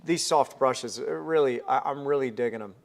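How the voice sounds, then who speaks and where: At the easel during a live painting demonstration, a streaming host chats cheerfully and thinks out loud. He speaks at normal speed with a medium-pitched, creaky voice.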